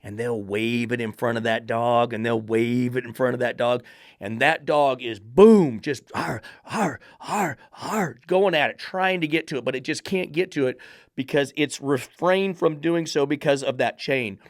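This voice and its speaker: A man's voice: medium pitch, moderate pace, no room sound, studio quality. A man who trains dogs and hosts a podcast, ranting in a blunt, profane, emphatic monologue. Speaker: dog trainer and podcast host.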